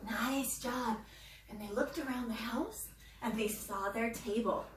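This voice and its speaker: A young woman teaching preschool yoga through a story, expressive and sing-song, with gasps and whispers, recorded roomy and from far off. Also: a little high, a little slow, background noise. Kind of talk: storytelling yoga lesson for children.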